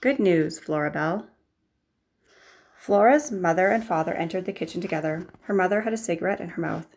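A woman narrating a novel aloud in a measured storytelling manner. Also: fairly low pitch, darkish tone. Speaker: audiobook narrator. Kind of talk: scripted narration.

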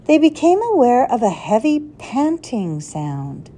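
A woman reading a children's adventure story aloud with an expressive, deliberate delivery. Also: on the high side, husky. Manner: expressive, deliberate read-aloud with a slip corrected.

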